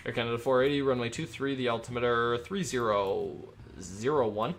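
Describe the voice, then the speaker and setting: A man streaming himself as an air traffic controller. He talks in an upbeat, rambling way between crisp radio calls. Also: medium pitch, fairly quick. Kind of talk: live-stream commentary mixed with radio phraseology.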